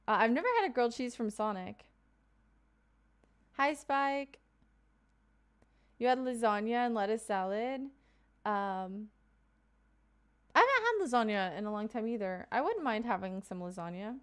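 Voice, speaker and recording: A woman from Kentucky chats with her stream viewers, greeting them and answering their questions with easy fillers and quick asides. Her voice sits a touch high, smooth and clear, with a loose, unhurried flow. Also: expressive. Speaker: live streamer. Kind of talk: casual chat reading viewer comments.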